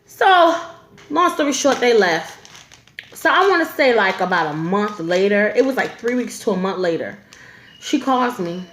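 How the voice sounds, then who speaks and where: A woman's voice: medium pitch, very animated, normal speed, a bit bright, echoey room, a little hiss or hum. A woman telling a story to camera in a casual storytime vlog, blunt and profane, with lots of filler.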